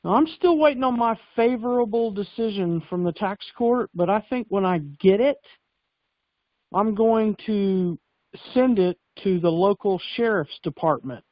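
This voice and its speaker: Caller, a man with a high voice, halting start, dry muffled phone-line sound. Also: no room sound. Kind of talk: asking a question on a call. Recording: dull dry conference call line.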